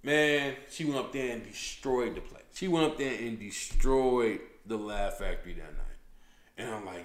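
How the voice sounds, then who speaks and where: Slangy comedian host in an echoey room. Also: male voice, medium pitch, lively intonation, normal speed. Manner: loose, slangy storytelling, lots of "man". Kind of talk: casual podcast chat.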